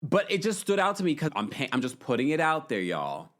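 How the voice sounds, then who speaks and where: A man's voice: a little high, wildly swooping pitch, fairly quick, a bit bright. A man hosting a casual recap podcast, chatty and opinionated, reading comments from a live chat and often breaking into laughter. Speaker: podcast host.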